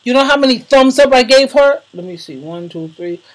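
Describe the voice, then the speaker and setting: High-pitched, expressive and brisk, a woman YouTuber casually tells her viewers which videos to check out. She gushes emotionally, stresses words with slang, and calls everyone darling. The recording is rough.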